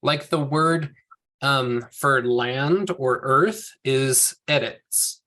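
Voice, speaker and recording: A man's voice: mid-range voice, extremely slow, bright, forceful tone. A man teaching a group language lesson, explaining patiently step by step and correcting himself as he goes. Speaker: Hebrew teacher.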